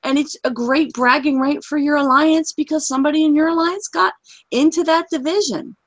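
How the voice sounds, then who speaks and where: Speaking fairly quickly in a high voice, a gaming host vents at her audience, heated and blunt. Her casual talk is full of swearing and aimed straight at her listeners.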